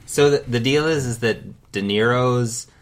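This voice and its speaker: A man's voice: medium pitch, normal speed. A man co-hosting a casual movie podcast, wry and rambling, with many fillers and restarts. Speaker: podcast co-host. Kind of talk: casual chat.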